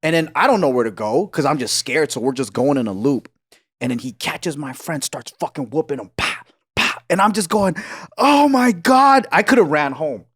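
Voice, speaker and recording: A man co-hosting a comedy podcast, telling a childhood story in a casual, profane, animated way and laughing as he goes. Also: on the high side, brisk, breathy edge. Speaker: podcast co-host.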